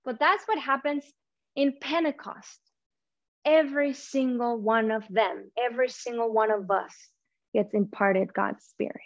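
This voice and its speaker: A woman whose first language is not English, preaching a heartfelt sermon with pauses and restarts. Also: on the high side, no room sound, highs cut off.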